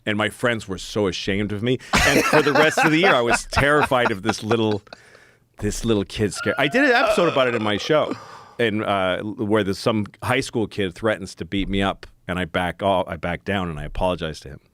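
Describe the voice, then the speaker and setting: A man's voice: on the low side, expressive, brisk, a bit bright, no room sound. A man co-hosting a podcast, telling rambling school stories in casual chat and laughing often, recorded on a studio mic. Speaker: podcast co-host.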